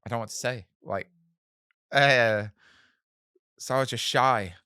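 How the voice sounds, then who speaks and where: Interview guest: man, animated and candid, dry close-miked voice. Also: mid-range voice, unhurried, smooth, no room sound. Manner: candid, self-mocking, animated storytelling with many fillers. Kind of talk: storytelling in a podcast interview.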